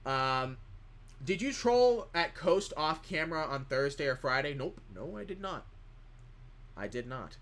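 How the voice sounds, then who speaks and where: A man's voice: a little high, huge pitch swings, moderate pace, pushed and bright. A man streaming live, chatting casually in a rambling way as he reads chat questions aloud and answers them.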